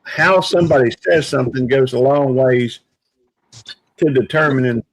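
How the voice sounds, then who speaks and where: Measured man, reflective, dry sound. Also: mid-range voice, no echo, low-quality recording. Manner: measured, reflective, many pauses and restarts. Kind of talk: casual chat.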